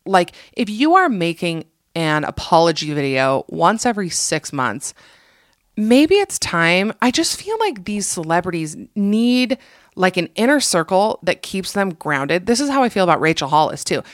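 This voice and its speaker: A woman hosting a casual solo podcast, telling sarcastic, animated stories into a close mic. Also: fairly low pitch, moderate pace, no room sound. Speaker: podcast host.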